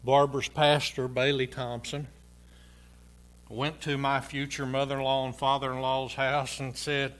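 Bright-voiced older man preaching, folksy. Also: mid-range voice, level tone, a little slow. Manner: folksy, personal storytelling with chuckles. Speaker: pastor. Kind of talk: sermon. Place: church sanctuary.

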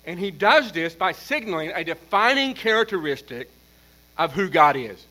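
A man preaching an expository sermon as pastor, emphatic, building force on repeated points and then dropping low. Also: sing-song, normal speed, pushed and bright, poor audio.

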